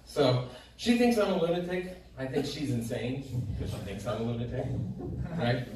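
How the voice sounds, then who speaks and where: A man's voice: on the high side, animated, moderate pace, a little mellow, heavy reverb, distant mic, slight background noise. A man doing stand-up, telling a profane, exasperated story from a comedy club stage. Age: adult parent. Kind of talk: stand-up set.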